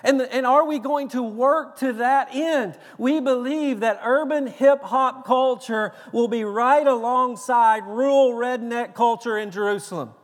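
A man with a Tennessee Southern accent preaches a sermon from a large church sanctuary. His voice sits high for a man, and he talks in a lively, joking, emphatic way, often restarting his words. Long reverb from the big hall trails after every phrase. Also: a little slow, hardly any pauses. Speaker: pastor.

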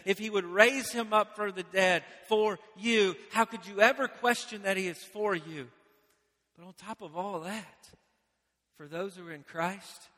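A man preaching a sermon, building to emphatic repeated phrases and dropping to quiet moments. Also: sits high. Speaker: pastor. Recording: long reverb of a large hall.

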